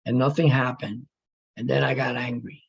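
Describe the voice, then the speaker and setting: A man telling his near-death story as emotional personal testimony, halting and pausing as he speaks. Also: medium pitch, level tone, vocal fry, breathy edge, dull audio. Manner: halting, emotional, with pauses and restarts.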